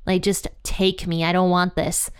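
A woman's voice: fairly low pitch, little pitch movement, moderate pace, smooth, natural voice. A woman voicing a weary, exasperated male leader who whines and complains dramatically, in a mostly everyday voice.

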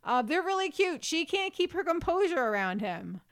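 A woman's voice: very high-pitched, big pitch swings, moderate pace, a bit bright. A woman co-hosting a podcast, recapping a reality dating show in casual, wry chat and laughing often. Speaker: podcast co-host.

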